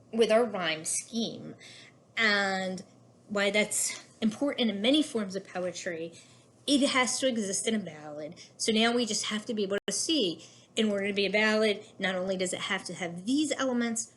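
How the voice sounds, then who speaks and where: A woman's voice: medium pitch, a bit bright. A woman teacher giving a recorded lesson, explaining patiently with a few fillers.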